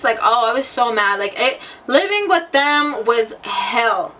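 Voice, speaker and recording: Bright-voiced young woman telling her story. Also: a little high, lively intonation, moderate pace, few pauses, distant mic, a little hiss or hum. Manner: blunt, casual, heavy on "like" fillers and swearing. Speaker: vlogger. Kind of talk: personal storytelling vlog.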